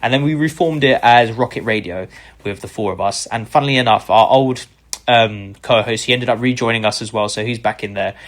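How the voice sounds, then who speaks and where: A man's voice: on the low side, a little fast. A man from the UK, a content creator being interviewed, telling his story with eager gratitude and bringing other people's words to life as he goes. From United Kingdom. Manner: enthusiastic, grateful, acts out quoted people in lively voices.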